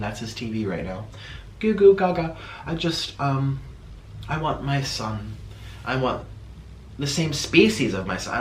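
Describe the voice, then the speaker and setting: A man talking straight to camera in a casual vlog, tearful and halting, with many pauses and fillers. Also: mid-range voice, fairly bright tone, echoey room, slight background noise. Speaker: vlogger. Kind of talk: emotional casual vlog talk.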